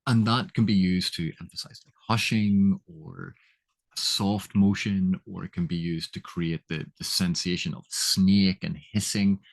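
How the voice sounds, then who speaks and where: Male literature teacher, lowish voice, chatty and self-amused, for an explainer video. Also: fairly even intonation, measured pace, vocal fry. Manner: chatty, laughs at own examples, restarts often. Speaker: literature educator. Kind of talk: casual explanatory lesson.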